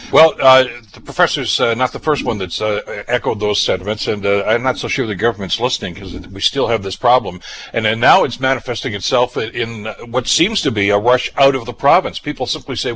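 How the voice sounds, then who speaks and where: A man hosting a talk radio show, brisk and conversational, interviewing guests. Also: mid-range voice, a bit bright, rough recording. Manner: brisk, conversational, frequent uh fillers.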